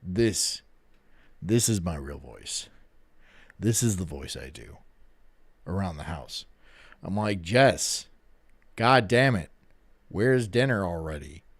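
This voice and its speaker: A gruff, bossy deep voice, put on by a man. It is slow and booming, and it sounds mock-tough, as if barking orders around the house. The sound is dry and close. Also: lively intonation, no room sound, heavily acted.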